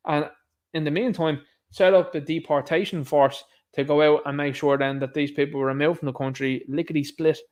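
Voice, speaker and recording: Irish male commentator, slightly high voice, sarcastic scoffing delivery, solo to camera. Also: fairly even intonation, brisk. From Ireland. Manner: sarcastic, scoffing, mocks others in put-on voices. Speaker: online commentator.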